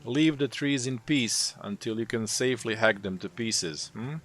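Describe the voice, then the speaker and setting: A man's voice: mid-range voice, moderate pace, a bit bright. A man narrating the story of a game session, adding dry, teasing asides about the player.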